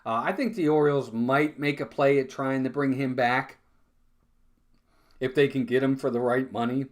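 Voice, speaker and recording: A man's voice: medium pitch, moderate pace. A man calling live baseball play-by-play in a casual, chatty way, often repeating words and talking to his viewers. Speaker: fan play-by-play streamer.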